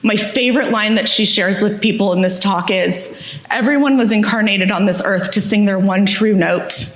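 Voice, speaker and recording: A woman's voice: mid-range voice, normal speed. A woman giving a candid, self-deprecating talk on stage, telling her story with humor. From Texas. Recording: echoey hall.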